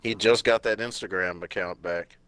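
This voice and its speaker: Deep-voiced swearing young man. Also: normal speed, fairly bright tone. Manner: exasperated, swears a lot. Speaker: podcast co-host. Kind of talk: casual podcast banter.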